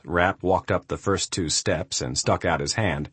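A man narrating a thriller audiobook in a steady, measured storytelling manner. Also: low voice, breathy edge, no echo. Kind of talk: scripted narration.

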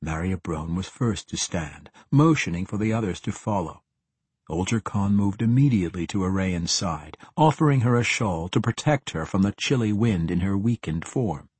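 A man narrating a fantasy audiobook in a steady, even-paced reading. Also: sits low, normal speed, slightly rough, no echo.

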